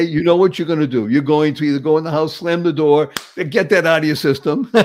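Older guy in his 70s, peppy motivational speaker, kinda high voice, keeps laughing and saying hello. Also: darkish tone. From Boston area, USA. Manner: emphatic, repeats words, laughs often, says "hello" as a punchline. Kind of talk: upbeat motivational interview talk.

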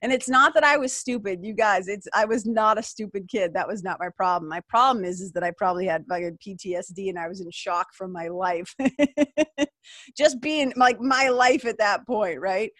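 A podcast host from Massachusetts tells stories from her own life in a casual monologue, candid and full of fillers, swearing freely. Her mid-range voice is a bit bright and moves at a moderate pace. The studio recording is clean, with no room sound.

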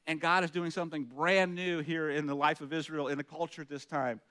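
A man's voice: on the high side, fairly even intonation, a little fast, fairly bright tone. A man preaching a sermon in an earnest, conversational way, reading scripture aloud and asking the room rhetorical questions. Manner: reads scripture aloud between comments. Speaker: pastor.

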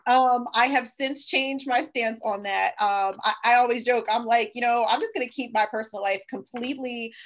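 A woman's voice: a little high, fairly even intonation, normal speed, hardly any pauses. A young woman from the United States, a podcast guest chatting casually, laughing often and restarting her sentences with plenty of fillers. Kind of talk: casual interview chat.

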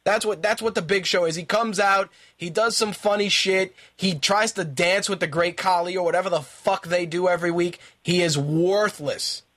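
A man with a high voice delivers ranting commentary as a radio host. His talk is profane and exasperated, and he fires off the same question again and again when he gets worked up. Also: steady tone, moderate pace, hardly any pauses, fairly bright tone. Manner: repeats himself in angry bursts.

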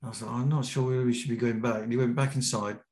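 A British man, a podcast guest, telling a lively anecdote and acting out the quotes. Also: medium pitch, fast. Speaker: podcast guest, BASE jumper. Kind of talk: storytelling in an interview. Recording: roomy echo.

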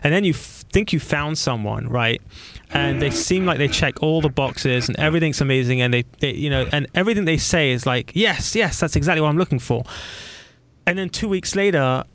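A man hosting an interview in a casual, animated way, telling stories and acting out the voices of the people in them. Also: fairly high pitch, fairly quick, slight background noise. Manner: animated storytelling, acts out quoted voices. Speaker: podcast host.

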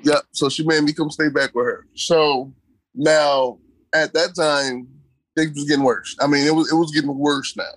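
A man's voice: a little high, steady tone, moderate pace, a bit bright, no echo. A man telling his own story in an interview, casual and colloquial, repeating key phrases for emphasis. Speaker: interview guest. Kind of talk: personal storytelling in conversation.

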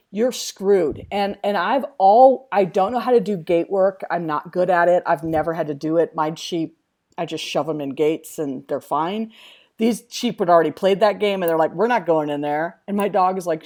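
Woman, frank animated storyteller, mid-pitched, swears casually, chatty podcast co-host. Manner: lively storyteller, acts out quotes. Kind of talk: casual chat.

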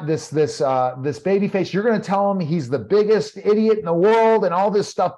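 Emphatic middle-aged man, higher voice. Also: moderate pace, hardly any pauses. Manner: emphatic, repetitive, animated storyteller. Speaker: guest, former pro wrestler. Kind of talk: casual interview storytelling.

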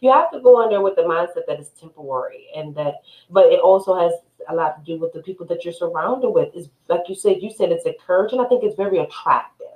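Low-voiced woman in an echoey room. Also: animated, a little mellow. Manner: frank, emphatic, quick to agree. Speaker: podcast guest. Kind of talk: casual interview conversation.

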